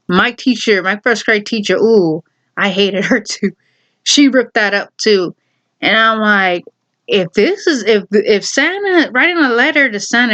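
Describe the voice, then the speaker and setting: A woman's voice: medium pitch, fairly bright tone. A woman telling a personal story in casual chat, rambling with lots of fillers and frequent laughs.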